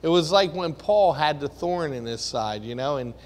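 A man's voice: on the high side, expressive, normal speed, in a large hall. A man preaching a sermon to a room of listeners, earnest and full of rhetorical questions.

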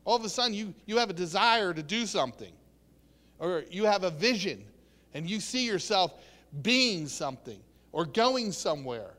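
High bright-voiced preacher in a hall. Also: male voice, very animated, moderate pace. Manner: earnest, acts out quotes, many restarts. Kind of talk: sermon.

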